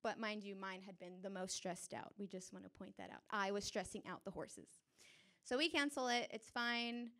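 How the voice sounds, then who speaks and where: A young adult woman telling a personal story on stage before a live audience, animated and chatty, often laughing. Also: medium pitch, normal speed.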